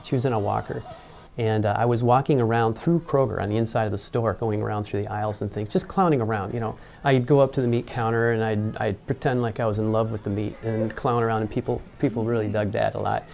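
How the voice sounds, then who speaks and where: A man's voice: fairly low pitch, fairly even intonation, fast talker, creaky, darkish tone, a little hiss or hum. A man being interviewed, telling a personal story in a rambling way with many fillers and restarts. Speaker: engineer interviewed about mascot costuming.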